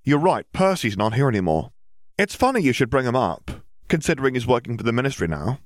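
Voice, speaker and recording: A man's voice: mid-range voice, sing-song, fast, dry recording, clean studio sound, pitched above the performer's own voice, lightly acted. A man playing a hotheaded teenage boy. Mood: defensive. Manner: heated, argumentative.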